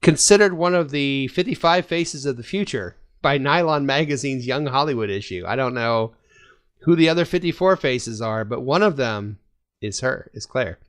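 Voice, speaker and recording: A man's voice: medium pitch, animated, moderate pace, clear, resonant tone. A young man co-hosting a fan podcast, chatting in an easygoing, agreeable way. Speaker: podcast co-host. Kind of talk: casual chat.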